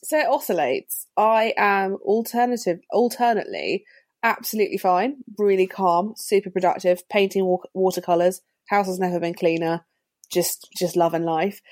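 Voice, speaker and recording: A woman's voice: medium pitch, steady tone, moderate pace, a little mellow, dry recording, clean studio sound. A woman author talking as a podcast guest, wry and self-mocking in a casual chat. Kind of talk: casual conversation.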